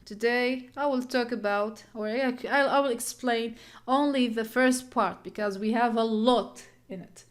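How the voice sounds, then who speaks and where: A woman teaching English, explaining slowly, repeating key points and using playful nicknames. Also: fairly high pitch, steady tone. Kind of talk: explaining lesson material.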